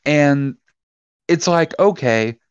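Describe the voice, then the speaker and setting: A man co-hosting a casual podcast, telling animated stories and acting out the back-and-forth of the people in them. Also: a little high, slow, clear, resonant tone, no room sound. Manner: animated storyteller, acts out quoted exchanges. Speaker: podcast co-host. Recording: dull lo-fi sound, dry.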